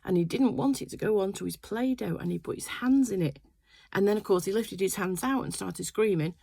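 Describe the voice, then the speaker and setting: A woman's voice: mid-range voice, fairly quick, gravelly, dark tone, dry recording. An older woman chatting casually in her sewing room, telling a rambling family story full of fillers. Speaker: quilting vlogger. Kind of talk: casual chat.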